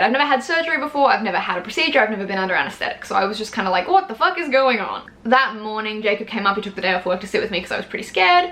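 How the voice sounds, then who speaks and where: A woman in her twenties tells a personal story straight to camera, frank and chatty, with the odd swear word. Her voice is bright and forward, and she talks at a quick clip, acting out what people said to her. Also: mid-range voice. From Australia. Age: 20s. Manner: chatty, frank and swears freely, acts out her own quotes. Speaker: vlogger.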